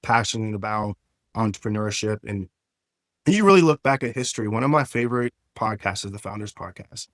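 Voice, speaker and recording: A man's voice: fairly low pitch, expressive, a little fast, fairly bright tone, no room sound, clean studio sound. A man speaking as an entrepreneur guest on a podcast, talking earnestly and eagerly. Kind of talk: casual interview chat.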